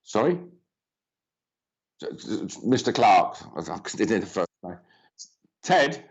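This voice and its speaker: A man's voice: on the low side, very animated, takes it slowly. A man hosting a live mediumship reading stream, chatting loosely and greeting viewers by name between rambling, filler-filled remarks. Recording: dull lo-fi stream audio.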